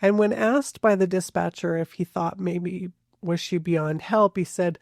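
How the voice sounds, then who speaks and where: A podcast host tells a true crime case in a loose, chatty way, often hedging and backing up mid-sentence. The voice has a gravelly, fry-heavy texture. The recording is dry and close, with no room sound. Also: medium pitch, fairly even intonation, unhurried, few pauses, darkish tone, no echo. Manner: conversational, hedging, frequent restarts. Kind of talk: casual true crime narration.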